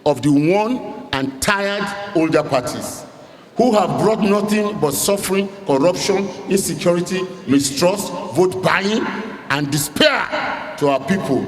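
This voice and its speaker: A man's voice: high-pitched, expressive, a little slow. Rousing man in an echoey hall. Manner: rousing, emphatic oratory with crowd call-outs. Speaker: campaign director general. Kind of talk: rally speech. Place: large hall at a rally. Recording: echoey hall recording with faint ambience.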